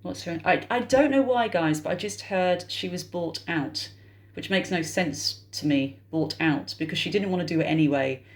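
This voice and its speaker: A woman's voice: deep voice, steady tone, moderate pace. Chatty British woman reading tarot. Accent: British English. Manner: chatty, thinks aloud, addresses viewers as guys. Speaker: tarot reader. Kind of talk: casual psychic tarot reading to camera.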